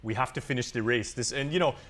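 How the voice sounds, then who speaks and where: A man hosting a live TV talk show in a studio, asking quick joking questions of his guests. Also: mid-range voice, fairly bright tone. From Guam. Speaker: host.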